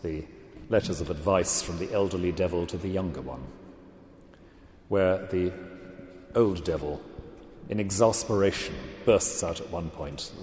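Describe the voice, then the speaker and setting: A man giving a measured, reflective literary lecture and reading passages aloud. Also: sits low, darkish tone. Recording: echoey hall with long reverb.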